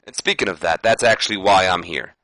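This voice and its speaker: Man playing a stern wrestling captain, lowish voice, bright tone, curt. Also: fairly quick, no echo. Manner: firm, lecturing. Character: stern male wrestling team captain, self-righteous.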